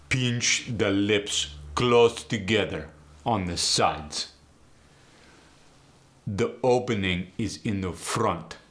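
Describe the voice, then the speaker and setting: A man from Jordan with a Jordanian Arabic accent, giving deliberate, evenly stressed pronunciation instructions as a guest demonstrator. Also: fairly low pitch.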